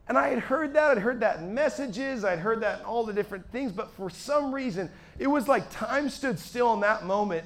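High-voiced animated male preacher. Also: normal speed. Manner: animated storytelling, shifts from quiet to shouting when excited. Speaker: evangelist preacher. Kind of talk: sermon testimony to a live audience.

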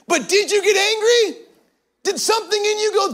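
A man preaching a lively sermon in very casual, slangy language. His voice sits unusually high for a man. He builds into loud, emphatic shouts to drive his points home. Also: normal speed. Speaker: pastor.

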